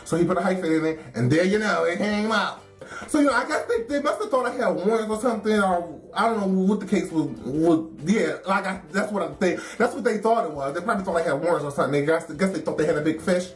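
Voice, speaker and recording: A woman telling a story in a casual, animated, wry way, laughing often. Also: fairly low pitch, fast talker. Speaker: storyteller in a documentary. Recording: roomy echo with faint music.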